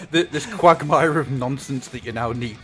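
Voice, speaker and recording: A man's voice: a little high, fairly bright tone. A man hosting a podcast in casual chat, joking, laughing often and rambling through restarts. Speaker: podcast host.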